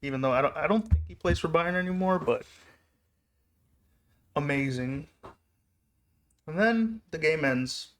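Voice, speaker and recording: A man's voice: on the high side, unhurried, pauses often, slight background noise. A man telling a personal story in a casual, rambling vlog style, often breaking off and restarting his sentences. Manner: rambling, chatty, self-interrupting. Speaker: vlogger.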